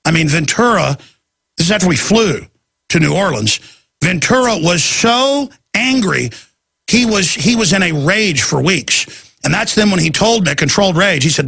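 A talk show host rambles through an indignant monologue, tripping into stammered repeats. His voice sits a bit high, with a husky, gravelly edge. The sound is dry and close. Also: animated, normal speed, bright, forceful tone, no echo. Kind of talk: ranting monologue.

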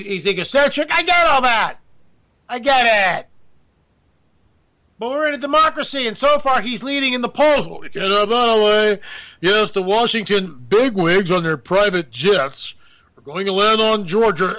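A man holds forth in a sarcastic, rambling political monologue. His voice sits high and bright, with a sharp edge as he piles on asides and mock disbelief. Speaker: political commentator. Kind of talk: opinionated monologue.

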